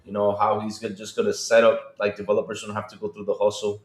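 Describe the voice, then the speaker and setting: A man's voice: fast talker, roomy sound. A man co-hosting a gaming podcast livestream, chatting casually and greeting viewers by name. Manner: animated, greets chat by name with big pitch jumps. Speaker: podcast co-host.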